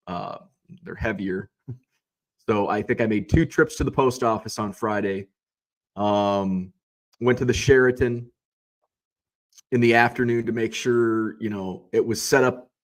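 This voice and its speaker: Hoarse male host, mid-pitched, casual rambling recap with plenty of fillers. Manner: chatty, rambling, many fillers and restarts. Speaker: card show organizer and host.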